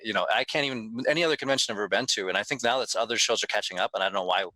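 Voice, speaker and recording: A middle-aged man talking as a guest in a casual podcast chat, emphatic and animated, with lots of restarts and the odd swear word. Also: lowish voice, very fast, no room sound, low-quality recording. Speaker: convention owner, guest.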